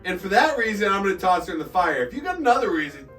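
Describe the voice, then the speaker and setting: A young man co-hosting a casual sports chat, teasing with dry deadpan quips. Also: high-pitched, rapid-fire. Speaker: podcast co-host. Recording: distant mic with faint music.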